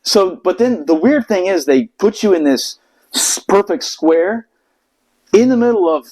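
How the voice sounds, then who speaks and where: A man's voice: high voice, expressive, a little slow, darkish tone, rough recording. A man from the United States telling a long story in casual chat, profane and rambling, with many restarts. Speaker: podcast host telling a story.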